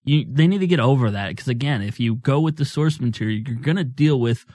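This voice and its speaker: A man co-hosting a casual podcast chat who drops in quick, joking interjections. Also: mid-range voice, animated, a little mellow, no echo. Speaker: podcast co-host.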